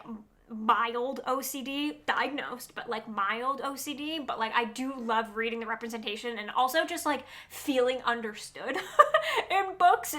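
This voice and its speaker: A young woman with a high, bright voice talks casually to camera about books she can't wait to read. She gushes, piling up fillers as she goes. Her nose sounds a little stuffy from allergies. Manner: gushing, chatty, lots of fillers. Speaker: book vlogger. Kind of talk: casual chat.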